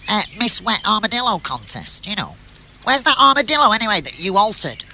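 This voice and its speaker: A man, telling a comedy audio story in an excitable, nasal character voice. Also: high voice, a little fast, gravelly. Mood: chatty. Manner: nasal, excitable, full of "brilliant". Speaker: comic character narrator.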